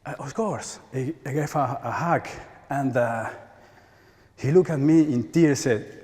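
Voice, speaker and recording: A man's voice: mid-range voice, darkish tone. Spanish guy in his 40s giving a talk, keeps repeating himself, laughs a lot, long echo in a big hall. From Spain. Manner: halting, repeats words, laughs often. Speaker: conference speaker. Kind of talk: conference talk. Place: large church hall. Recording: hall reverb.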